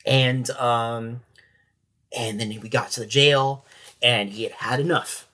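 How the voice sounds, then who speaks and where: A man's voice: medium pitch, steady tone, slow pace, bright, forceful tone. A man, a sheriff's corporal, recounting a story as a podcast guest in a detailed, matter-of-fact way. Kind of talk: interview storytelling.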